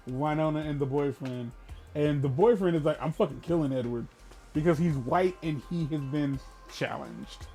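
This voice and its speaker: A man with a notably high voice on a relaxed gaming podcast, retelling a film in an animated, profane way. He swings from low mutters to loud bursts of emphasis. Faint music runs underneath. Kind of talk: casual chat, retelling a film.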